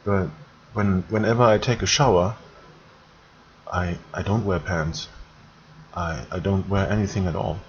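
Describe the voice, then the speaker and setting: A man from Germany with a German accent, speaking English in a grumpy, halting vlog rant, repeating words and swearing. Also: deep voice, steady tone, a little hiss or hum. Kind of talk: ranting monologue vlog. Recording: dull lo-fi recording.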